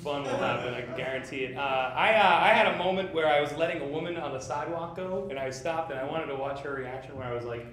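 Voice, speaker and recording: A man doing stand-up in a small theater, telling absurd stories in a rambling, halting, deadpan way. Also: on the high side, crowd noise. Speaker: stand-up comedian. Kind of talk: live stand-up set. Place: small theater stage before a live audience. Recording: echoey theater with audience laughter.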